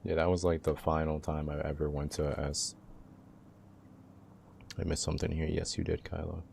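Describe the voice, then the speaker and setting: A young man chats loosely with his livestream audience in easy slang. His voice sits very low with a heavy rasp of vocal fry. The tone is dark and mellow, with a faint hiss of noise behind it. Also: little pitch movement, moderate pace. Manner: laid-back, slangy, talks to chat. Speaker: live streamer. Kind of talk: casual livestream chat.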